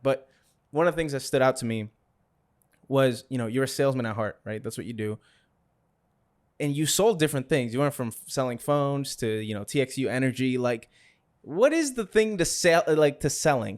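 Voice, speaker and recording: A man hosts a relaxed podcast conversation, wandering through his thoughts with plenty of fillers and easy laughter. His voice is smooth and resonant, set at an ordinary middle pitch. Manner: rambling, filler-heavy, laughs often. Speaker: podcast host. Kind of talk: casual interview chat.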